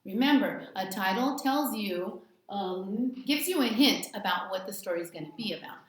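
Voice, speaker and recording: A woman's voice: mid-range voice, lively intonation, roomy sound. A woman teaching young children phonics in a recorded lesson, encouraging and drawing out each sound. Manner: encouraging, sing-song, drawn-out sounds. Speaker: kindergarten teacher.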